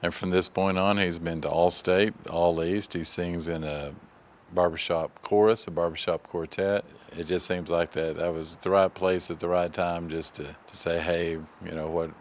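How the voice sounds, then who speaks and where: A man who directs a high school choir, talking reflectively and earnestly in a documentary interview. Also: level tone, moderate pace, slight background noise. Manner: reflective, earnest explaining with small restarts.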